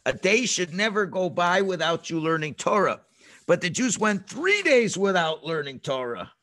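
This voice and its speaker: A man teaching a children's religious class over a video call, telling the story in an animated way and acting out the voices. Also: high voice, normal speed.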